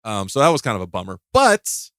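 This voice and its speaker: A man hosting a podcast in casual chat, talking with halting restarts and stammered repeats, joking and laughing at his own stories. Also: lowish voice, huge pitch swings, fairly bright tone, clean tone, dry recording, studio quality. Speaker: podcast host.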